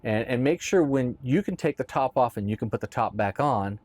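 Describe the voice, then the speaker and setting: A man's voice: mid-range voice, expressive, fairly quick, darkish tone, dry recording. A man casually explaining boat gear in a conversational how-to talk, often checking in with "right?". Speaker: boat owner explaining boat tops.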